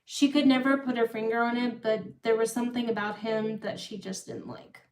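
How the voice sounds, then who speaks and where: A woman's voice: a little high, a little fast. A young woman hosting a livestream, telling a long personal story casually, circling back and repeating herself. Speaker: livestream host. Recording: echoey room, far from the mic.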